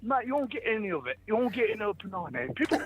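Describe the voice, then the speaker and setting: High-voiced man in a mock British accent. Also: big pitch swings, racing, muffled recording. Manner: puts on a mock British accent, repeating "mate". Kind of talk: joking call-in banter.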